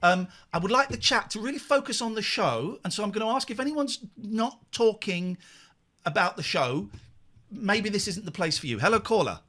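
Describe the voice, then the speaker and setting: A man hosts a late-night live phone-in show, chatting and joking with callers in a teasing way. His voice is high-pitched and sharp, animated, and delivered at a moderate pace.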